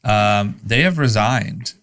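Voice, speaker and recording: A man's voice: fairly low pitch, slow, a bit bright. A man hosting a podcast, trading sarcastic, profane banter in casual chat. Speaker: podcast host.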